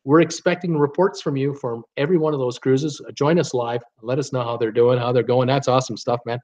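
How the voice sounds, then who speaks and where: A man with a medium-pitched, steady, slightly mellow voice talks a little fast as he hosts a casual YouTube live stream. He rambles through the live chat with lots of "uh" and restarts, answering viewers upbeat.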